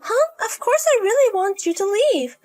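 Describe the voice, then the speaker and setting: A woman voicing a bossy, spiteful pregnant young sister-in-law who yells insults in a storybook. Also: very high voice, animated, moderate pace, soft background music, pitched above the performer's own voice. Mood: scornful. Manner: scornful, yelling insults.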